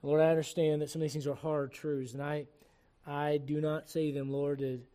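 Man, pastor, from Puerto Rico, middle-aged, high voice, fervent sermon, joking asides, church congregation. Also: little pitch movement, moderate pace. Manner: fervent, swings from shouting to quiet earnest appeals. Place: church service before a congregation.

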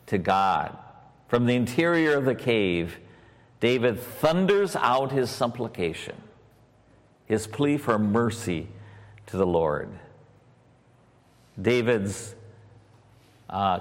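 A man preaching a sermon in a slow, deliberate way, reading scripture and asking the listeners questions. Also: medium pitch. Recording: hall reverb.

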